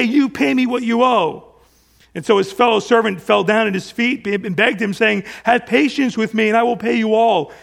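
A male pastor delivering a sermon with a strikingly high voice and a gravelly edge. He moves between earnest teaching and light humor, pushing some phrases out loud and letting others fall quiet. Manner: earnest preaching, swells and drops in volume, retells scripture with asides and humor.

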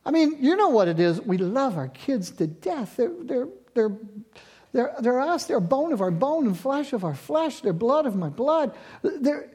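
A man's voice: extremely high pitch, big pitch swings, unhurried, darkish tone, husky. A middle-aged man from central Pennsylvania preaching a sermon, with self-mocking asides and rising passion. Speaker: pastor.

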